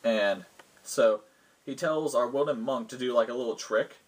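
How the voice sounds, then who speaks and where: Speaking at medium pitch and a moderate pace, a man who hosts and ran a tabletop game session casually retells it as the game master, rambling with plenty of fillers. The recording is rough.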